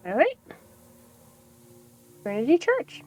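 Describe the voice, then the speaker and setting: A woman's voice: high voice, huge pitch swings, slow, a little mellow, faint music behind. A woman streaming a video game, reading its text aloud with casual asides. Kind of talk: casual let's-play commentary.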